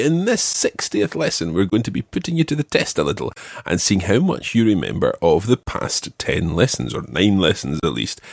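A man teaching a language lesson, patiently quizzing a student and repeating each phrase clearly. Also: lowish voice, no echo, clean studio sound. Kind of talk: guiding a student through a spoken quiz.

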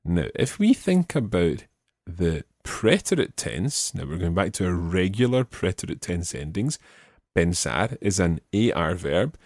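A man's voice: sits low, big pitch swings, measured pace, a little mellow, dry recording, studio quality. A man teaching a Spanish lesson, patiently explaining step by step and prompting his student. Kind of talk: spoken language lesson.

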